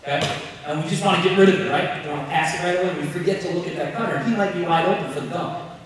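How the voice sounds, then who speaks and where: High-voiced coach shouting cues in a gym. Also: male voice. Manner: calls out drill cues in quick repeated bursts; joking, encouraging. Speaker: basketball coach. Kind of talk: coaching clinic demonstration. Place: large gym. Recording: echoey gym from far off.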